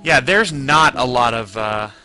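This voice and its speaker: Faint game music plays as a twenty-something let's play host offers loose, wandering commentary, complaining about the game and making self-deprecating jokes. He speaks unhurriedly in a mid-range voice that's pushed and bright, with lively intonation.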